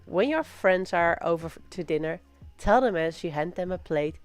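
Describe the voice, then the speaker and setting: A woman hosting a casual livestream, reading aloud slowly and breaking into loud, playful pirate exclamations. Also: lowish voice, lively intonation, clear, resonant tone, no room sound, soft background music. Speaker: livestream host.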